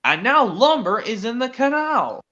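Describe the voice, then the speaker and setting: A stern, cross railway boss, read by a man scolds in slow, stretched words. The voice is bright and lifted above the speaker's usual pitch. It comes through dull, lo-fi stream audio. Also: big pitch swings, heavily acted.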